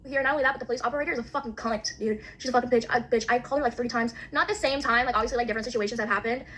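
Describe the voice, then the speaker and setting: A woman's voice: on the high side, fairly even intonation, racing, fairly bright tone, a little hiss or hum. A young woman ranting bluntly in casual chat, swearing constantly.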